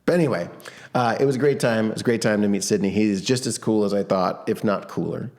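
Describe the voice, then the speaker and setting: A man co-hosting a podcast in casual chat, rambling easily and laughing often, his voice a little hoarse from shouting. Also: on the low side, quick pace. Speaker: podcast co-host, music teacher.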